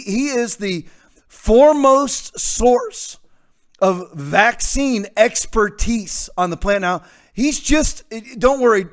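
Male host with a high-pitched voice, combative and sarcastic, prone to loud outbursts. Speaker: talk show host. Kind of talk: opinionated commentary monologue.

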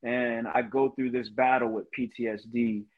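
A man's voice: medium pitch, flat delivery, moderate pace, phone-quality sound. A man, a veteran, telling his personal story in an earnest, emotional way as a podcast guest, often saying "you know". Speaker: guest, Marine veteran and motivational speaker.

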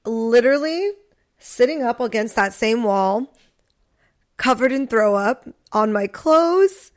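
A young woman co-hosting a podcast, telling a story in casual chat, animated and swearing, acting out quotes. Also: a little high. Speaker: podcast co-host.

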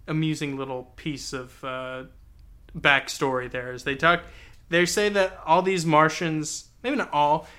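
A man's voice: on the high side, sharp tone. A man from Texas co-hosting a podcast, chatting casually about a book in a rambling way full of fillers. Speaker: podcast co-host.

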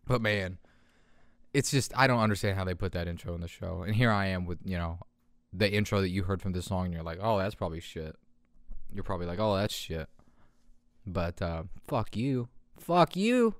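A man's voice: low-pitched, fairly quick, no room sound. A young man hosting his own podcast, rambling in casual profane talk and laughing at his own jokes. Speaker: podcast host. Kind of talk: casual solo podcast rant.

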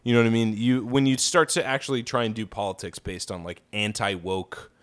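A man's voice: lowish voice, steady tone, a little fast. A man co-hosting a podcast, ranting and swearing through casual political chat, laughing often. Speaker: podcast co-host.

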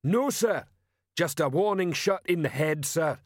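A man voicing a huge, slow-witted male troll sergeant who speaks slowly and loudly in an audiobook reading. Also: a little high, lively intonation, dry recording, clean studio sound, voice pushed up. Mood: bellowing. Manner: slow, loud, laborious.

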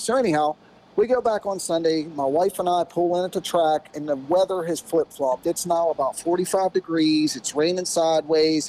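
An American man in his fifties, a podcast guest telling a racing story in a rambling, animated way with lots of "you know"s. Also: fairly high pitch, slight background noise, rough recording. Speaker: podcast guest, former off-road racer. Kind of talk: casual storytelling.

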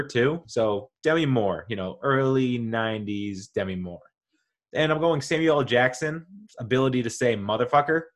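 A man with a middle-pitched voice hosts a casual podcast monologue. He talks in a chatty, enthusiastic way, wanders off on tangents and stops to correct himself mid-sentence. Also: fairly bright tone. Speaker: podcast host. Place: home with dogs nearby.

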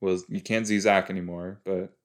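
A man's voice: deep voice, little pitch movement, moderate pace. A man hosting a podcast, reacting casually to a TV episode, chatty and rambling, often cutting himself off with exclamations. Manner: chatty, rambling, exclaiming with frequent self-interruptions.

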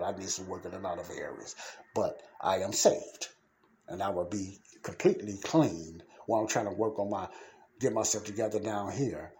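A man's voice: lowish voice, darkish tone, slight background noise. A man hosting a podcast, preaching in an emphatic, casual way and repeating his points. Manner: casual slangy speech. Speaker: podcast host.

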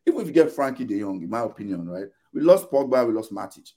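A man's voice: lowish voice, fast talker. A man on a podcast panel in casual chat, ranting animatedly and acting out both sides of arguments. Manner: animated, exasperated ranting with quoted back-and-forth.

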